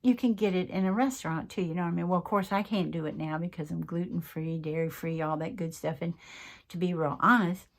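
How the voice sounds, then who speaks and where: A woman's voice: on the low side, steady tone, brisk. A woman in her sixties with a Southern US accent, chatting casually and earnestly to her viewers as a craft channel host, full of folksy asides. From American South. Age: 60s. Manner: chatty, earnest, folksy, with many "y'all" and "you know". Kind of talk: casual chat to camera.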